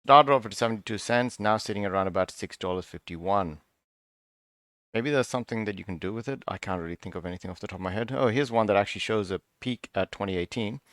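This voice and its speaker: A man's voice: lowish voice, fast talker, fairly bright tone, no echo, clean studio sound. A man hosting a casual card review, thinking aloud in a musing, half-sarcastic way, often breaking off and restarting. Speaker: card review channel host.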